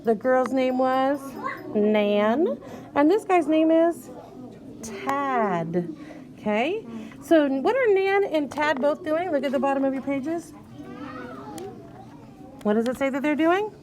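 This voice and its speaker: Woman, teacher, reading lesson for young kids, high voice, slow and patient, coaxing. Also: lively intonation, crowd noise. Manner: patient, coaxing, sounds out letters slowly.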